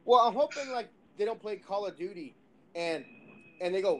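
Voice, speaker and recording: A man's voice: sits high, lively intonation, normal speed, slight background noise, rough recording. A man co-hosting a podcast in casual banter, joking and mocking. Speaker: podcast co-host.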